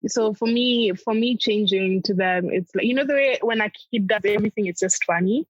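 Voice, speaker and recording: A woman's voice: mid-range voice, a little fast, no room sound, lo-fi sound. A young adult woman, a comedian guest, chatting animatedly and laughing often. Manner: animated, laughs often, acts out family in quotes. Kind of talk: casual interview chat.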